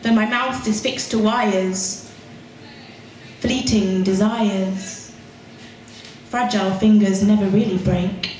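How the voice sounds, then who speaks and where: A woman's voice: medium pitch, fairly even intonation, takes it slowly, long pauses, darkish tone, slight background noise. A young woman performing her spoken word poetry at a pub open mic, with rhythmic, emphatic delivery. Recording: echoey room recorded from far off.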